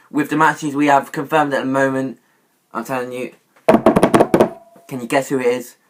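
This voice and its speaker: A man's voice: fairly high pitch, a bit bright. A man giving wrestling predictions in a casual vlog, rambling and often correcting himself with many fillers. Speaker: YouTube wrestling commentator.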